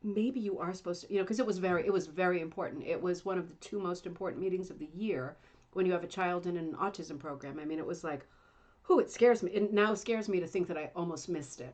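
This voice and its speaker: A woman's voice: on the low side, fast, a little mellow, lo-fi sound. A middle-aged woman hosting a casual livestream chat from home, chatty, rambling and self-deprecating. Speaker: livestream host. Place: home, Indiana.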